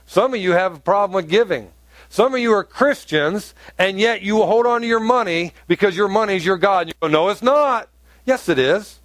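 Brief: male pastor, high voice, lively sermon delivery, dry close sound. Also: a little fast, no echo. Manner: animated preaching, rising to emphatic peaks.

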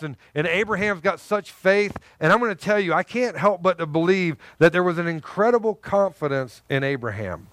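A man's voice: on the high side, a bit bright, clear, resonant tone, dry recording. A man preaching a conversational sermon, acting out quoted lines and questions to the congregation.

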